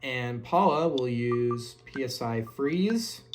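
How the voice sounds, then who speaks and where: Woman, game playthrough, reads on-screen text, lively pitch, reactive. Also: slow, over music. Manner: animated, reacts aloud. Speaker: game streamer. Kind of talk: let's play, reading game text aloud.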